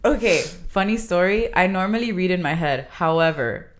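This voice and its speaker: A young woman chatting casually as a podcast guest, animated, laughing often and swearing freely. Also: fairly low pitch, moderate pace. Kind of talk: casual chat.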